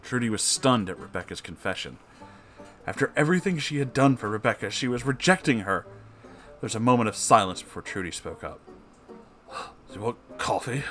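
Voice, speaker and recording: A man's voice: medium pitch, expressive, fairly quick, fairly bright tone, soft background music. A man hosting his channel, reading a story aloud in a playful, chatty way.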